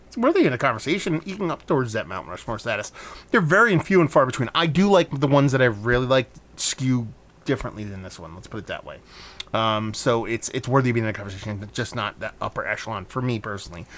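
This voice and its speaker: A man rambling through a beer review in a loose, offhand way, at an ordinary mid pitch. He swears freely and wanders into asides as he talks. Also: fairly bright tone. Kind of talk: casual beer review vlog.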